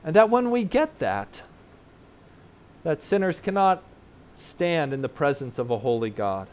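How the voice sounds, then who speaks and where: A male pastor delivers a sermon in an earnest, teaching tone, his voice pitched fairly high for a man. He leans on fillers and rhetorical "right?" tags, and slows down to unpack big words for the children listening. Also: big pitch swings, darkish tone, clear, resonant tone. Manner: explains terms plainly for children in the congregation.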